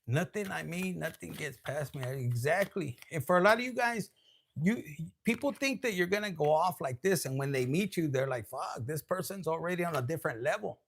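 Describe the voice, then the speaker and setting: A man gives a casual tarot reading in a slightly high, expressive, gravelly voice at a fairly quick pace. He is loose and profane, drops Spanish slang, laughs often, and switches between loud and hushed.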